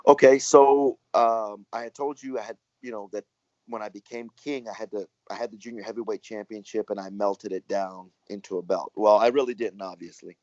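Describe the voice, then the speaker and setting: A man, a wrestler telling stories in a relaxed interview, rambling and acting out what others said. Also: fairly low pitch, brisk, no echo. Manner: rambling, animated, acts out quoted dialogue. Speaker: professional wrestler and guest. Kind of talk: casual storytelling interview. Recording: dry, muffled lo-fi audio.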